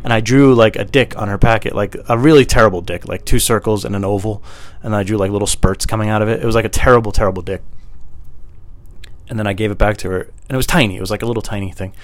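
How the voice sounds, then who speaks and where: Podcast host, male, lowish voice, loose rambling storytelling, spikes up on self-quotes, small home mic. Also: steady tone, fast, no echo. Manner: rambling, filler-heavy, jumps higher when quoting himself. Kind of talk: casual comic storytelling. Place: home room with broken air conditioning. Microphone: small cheap microphone.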